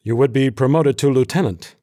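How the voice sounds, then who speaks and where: Businesslike male army major, read by a man, brisk, level. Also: mid-range voice, warm tone, voice pushed up, lightly acted.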